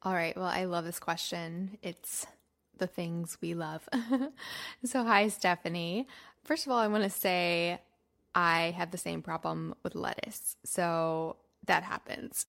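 A woman's voice: fairly low pitch, steady tone, slow, creaky, fairly bright tone. A woman co-hosting a podcast, chatting casually, laughing often and explaining health topics. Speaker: podcast co-host.

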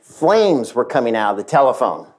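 A middle-aged man, a company chief, tells a story from his career to an audience, lively and speaking straight to the listeners. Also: medium pitch, moderate pace, husky. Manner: animated, addresses the audience directly. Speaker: CEO giving a talk. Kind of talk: storytelling keynote talk.

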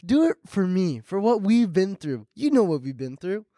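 A man's voice: sits high, big pitch swings, moderate pace, mellow, no echo, clean studio sound. A man co-hosting a casual podcast, worn out after a long stream, playful and laughing often. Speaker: podcast co-host.

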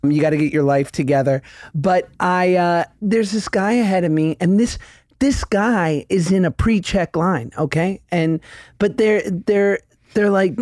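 A podcast host spins quick anecdotes in casual conversation and laughs easily along the way. The voice sits at a middling pitch. It is recorded close and dry. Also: darkish tone, no echo. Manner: chatty storyteller, laughing easily.

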